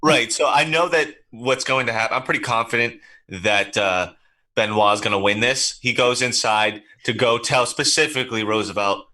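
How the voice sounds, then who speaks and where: A man speaking for his character in a tabletop game, relaxed and a little halting, full of uhs. His voice has a bright, forceful edge, pitched in the middle for a man. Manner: relaxed, hesitant with uhs and restarts. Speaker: player. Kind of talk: tabletop role-play.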